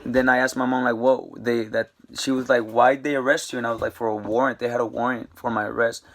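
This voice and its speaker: Young guy, vlogger, slangy rambling storyteller, middle pitch. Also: little pitch movement, fast, slight background noise. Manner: rambling, slangy, lots of fillers. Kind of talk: casual storytime.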